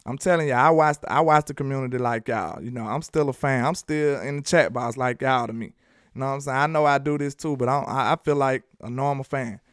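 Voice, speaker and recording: A man with a Southern accent from Alabama, doing casual sports talk and reading his live chat in an animated, playful, trash-talking way. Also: medium pitch, brisk, no echo, clean studio sound. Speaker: sports commentator.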